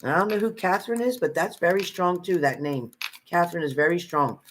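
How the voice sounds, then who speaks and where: A man's voice: sits high, brisk, a bit bright, a little hiss or hum. Chatty man giving psychic readings. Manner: chatty, repeats phrases, addresses viewers by name. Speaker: psychic reader. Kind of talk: live spirit-message readings to viewers. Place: at home.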